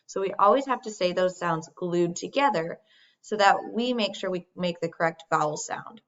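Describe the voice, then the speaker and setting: Slow, deliberate woman teaching phonics. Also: fairly low pitch. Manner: slow, deliberate, modeling sounds for young children. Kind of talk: recorded phonics lesson. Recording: dull lo-fi sound.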